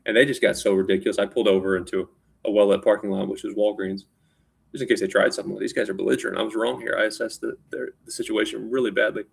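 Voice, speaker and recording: A man's voice: lowish voice, steady tone, fast talker, vocal fry, husky. A man telling a rambling personal story in a casual spoken style, often restarting and repeating words.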